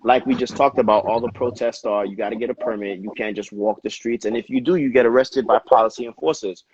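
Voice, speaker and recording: A man in casual conversation, telling history in an animated, slangy way, often dropping "yo" and "you know what I mean.". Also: mid-range voice, fast. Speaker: dancer and podcast co-host. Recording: slightly dull lo-fi audio with faint noise.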